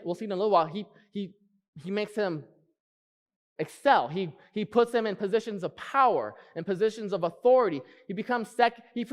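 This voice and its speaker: A man preaching a sermon in church, earnest, repeating key phrases and slowing down to stress them. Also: sits high.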